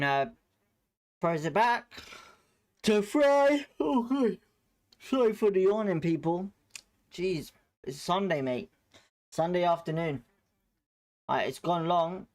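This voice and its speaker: A man with a slightly high voice hosts a live football watchalong. He runs excitable play-by-play and reacts loudly to the chances. Between plays he greets the chat viewers in a casual, friendly way. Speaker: watchalong host.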